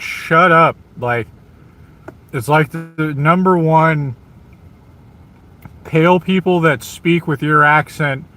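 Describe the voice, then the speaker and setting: American man, slow deliberate delivery, bright edgy tone, repetitive exasperated rant. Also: on the high side. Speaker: vlogger. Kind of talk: ranting monologue to camera.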